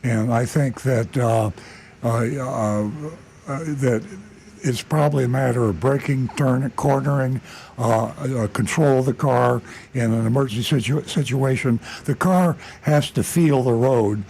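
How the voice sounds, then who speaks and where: Radio car panelist, man, mid voice, halting delivery. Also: mid-range voice, steady tone, vocal fry, darkish tone, a little hiss or hum. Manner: halting, many fillers. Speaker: auto expert. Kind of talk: radio call-in chat.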